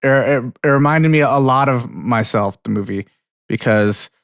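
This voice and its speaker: A man's voice: medium pitch, normal speed, creaky, fairly bright tone, smooth, no echo. Young man, podcast co-host, rambling casual talk, frequent laughs, swearing, dry close microphone. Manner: rambling, laughs often, swears, many restarts. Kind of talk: casual chat, film review and anecdote.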